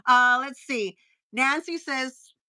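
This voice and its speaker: Bright Texan woman chatting on a live stream. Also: high-pitched, slow. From Texas. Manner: chatty, stumbling restarts, reads viewer comments aloud. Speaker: host. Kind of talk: casual live-stream chat.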